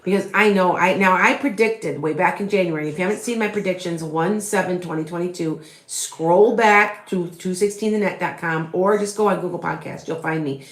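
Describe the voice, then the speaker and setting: Middle-aged female psychic, rambling and chatty, low voice, reverberant room. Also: moderate pace, hardly any pauses. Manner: rambling, chatty, many fillers and restarts. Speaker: tarot reader and psychic medium. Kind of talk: live tarot reading with viewer questions. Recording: echoey room.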